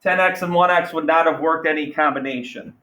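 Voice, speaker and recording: A man teaching a math class, energetic and playful, firing questions at students. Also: fairly high pitch, brisk, lo-fi sound. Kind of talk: classroom lesson.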